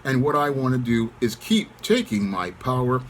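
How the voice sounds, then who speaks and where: A middle-aged man hosting his channel, speaking in a calm, controlled monologue. He keeps a measured tone and often repeats set phrases. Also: medium pitch, slight background noise. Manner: calm, controlled, even-toned delivery. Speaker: channel host. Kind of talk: monologue to camera.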